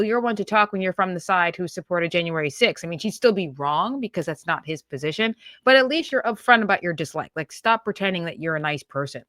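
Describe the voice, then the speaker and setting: A woman with a fairly low voice hosts a political commentary show and reacts to a clip she plays. She talks bluntly and with open scorn. Her voice is recorded close and dry, with no room sound. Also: a bit bright, dry recording.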